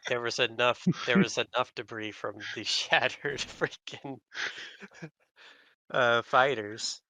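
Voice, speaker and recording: Man, tabletop game player, relaxed offhand chat, dry close sound. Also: medium pitch, slow pace, dry recording.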